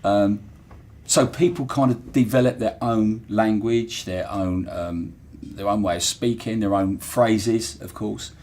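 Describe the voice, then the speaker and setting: A man with a Portsmouth accent speaks in a somewhat low voice. He talks in a relaxed, thoughtful podcast style and often circles back with fillers and restarts. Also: takes it slowly. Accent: Portsmouth English. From Portsmouth, England. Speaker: interviewee, former dockyard worker. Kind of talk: reflective podcast storytelling.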